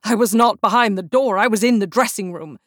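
A woman voicing a despairing young nobleman who speaks in a quiet, earnest tone. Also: brisk, no echo, clean studio sound, lightly acted. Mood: grieving, hushed. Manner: hushed, low and earnest.

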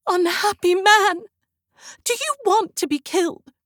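A woman voicing a frightened young woman who pleads in a high, trembling voice. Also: measured pace, no room sound, clean studio sound. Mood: terrified.

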